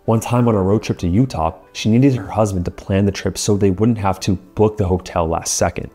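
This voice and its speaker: A man's voice: lowish voice, fairly quick, mellow, husky, faint music behind. A man hosting as a marriage coach, giving earnest, assertive advice straight to the viewer.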